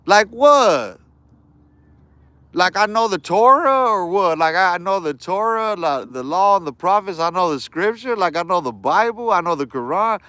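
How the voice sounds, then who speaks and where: A man's voice: high-pitched, expressive, normal speed, bright, forceful tone, no echo. A man ranting on a live stream in casual street slang, heated and repeating himself.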